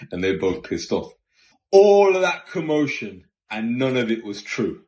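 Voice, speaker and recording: A man telling a story in a casual, slangy, animated way, vlog style. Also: medium pitch, a little slow. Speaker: vlogger. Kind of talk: storytime monologue. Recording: roomy echo with faint music.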